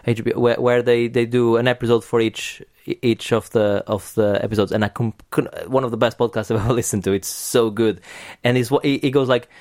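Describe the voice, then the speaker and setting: A man's voice: medium pitch, fairly even intonation, fairly quick, hardly any pauses, darkish tone, no echo. Man, podcast host, casual chat, rambling, enthusiastic, swears casually, dry recording.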